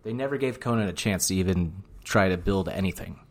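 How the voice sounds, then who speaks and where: A man's voice: low voice, brisk. A man co-hosting a podcast in casual chat, blunt and teasing, ranting at times. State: out of breath. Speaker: podcast co-host.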